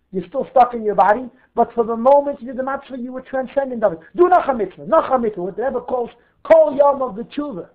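A rabbi teaching a class, lively, weaving Hebrew terms into his English and asking himself questions to answer them. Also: very high-pitched. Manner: animated, asks and answers his own questions. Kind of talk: Torah class lecture. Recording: narrow phone-like audio.

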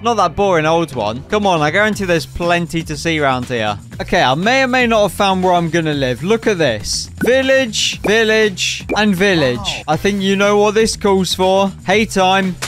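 Excitable man narrating a game run. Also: sits high. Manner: chatty, excitable, jokey asides to the game. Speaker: gaming YouTuber. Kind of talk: playful gameplay commentary.

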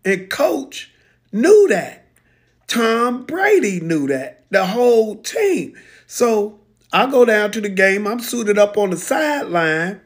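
A proud, defiant pro football star, played by a man, unloads a profane, indignant rant. His voice sits high for a man, and he hits each point hard. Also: big pitch swings, slow pace, exaggerated voice. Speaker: social media rant. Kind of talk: comedic impression monologue.

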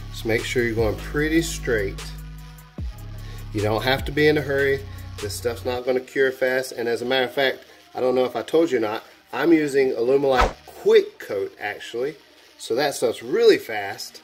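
A man hosting a hands-on craft tutorial, chatting casually and gushing with excitement as he works. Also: mid-range voice. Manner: enthusiastic, gushing, exclaims while working. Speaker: airbrush artist and channel host.

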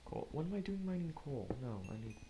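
A man giving casual let's play commentary, rambling and talking to himself with quick asides. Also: fairly high pitch, expressive, background noise. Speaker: gamer narrating gameplay.

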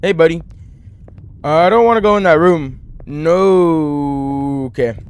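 A young man hosting a gaming channel comments on a horror game, talking to viewers and yelping when startled, jumpy throughout. His voice is a little high, clear and resonant, and he speaks slowly.

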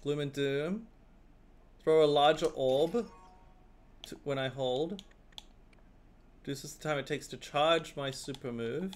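A man giving rambling, swearing, excitable commentary while playing a video game. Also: on the high side, measured pace, long pauses. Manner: rambling, excitable, swears often, laughs a lot. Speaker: gaming video host. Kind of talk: let's play commentary.

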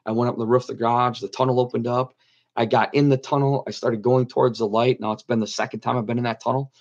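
Earnest middle-aged man, mid-pitched, slightly muffled interview audio, repeats himself for emphasis. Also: flat delivery, fast, darkish tone. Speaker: guest telling his near-death story. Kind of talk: personal testimony in an interview.

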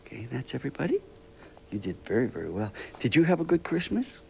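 An older man hosting a children's TV show, gently interviewing young kids in a chatty, rambling, fatherly way. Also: medium pitch, very animated, quick pace, creaky, slight background noise.

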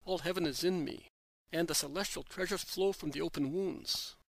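A man reading as Jesus, gentle and solemn. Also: fairly high pitch, no echo, low-quality recording. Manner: slow, solemn devotional reading.

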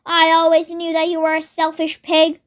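A child reading aloud and voicing a bossy, greedy old grandmother who shouts and scolds. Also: very high-pitched, monotone, normal speed. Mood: scolding.

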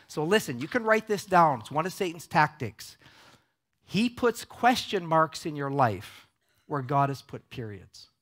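A man's voice: fairly high pitch, very animated, a little slow, a bit bright. Conversational male pastor preaching. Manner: conversational preaching, frequent "right?" checks with the audience. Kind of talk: sermon. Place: large cinema auditorium.

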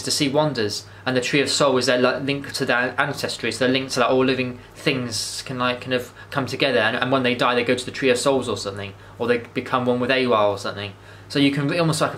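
Guy vlogging, gushing and rambling, talks fast, bright tense tone. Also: medium pitch, fairly even intonation, slight background noise. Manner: rambling and enthusiastic, with frequent restarts and swearing. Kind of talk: casual movie review monologue.

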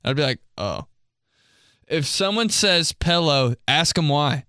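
A man's voice: a little high, animated, moderate pace, pushed and bright, clean tone, no room sound, clean studio sound. A young man reading out viewer messages for a comedy vlog, mock-outraged and swearing, laughing often. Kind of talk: casual comedic commentary.

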